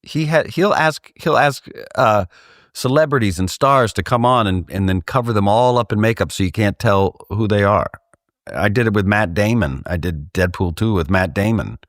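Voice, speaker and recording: A man from Texas co-hosting a podcast, telling rambling, animated stories in casual chat. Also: on the low side, normal speed, no echo, clean studio sound. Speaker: podcast co-host.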